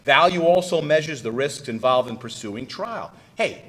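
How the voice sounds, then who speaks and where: A man's voice: mid-range voice, expressive, normal speed, a bit bright, rough recording. A middle-aged man, a trial lawyer from the United States, giving a conference presentation in a folksy, punchy manner and talking straight to the audience.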